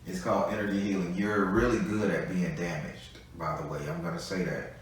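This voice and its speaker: A man's voice: low voice, little pitch movement, a little fast, recorded from a distance. Blunt, profane man in an echoey room. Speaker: tarot reader. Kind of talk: live tarot reading.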